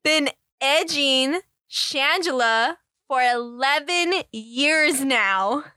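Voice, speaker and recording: A giggly, tipsy woman co-hosting a casual podcast, her voice high and bright. She speaks slowly, with a lively, swooping pitch. The sound is dry and close. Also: dry recording. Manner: giggly, playful, coaching a friend through phrases. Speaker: podcast co-host.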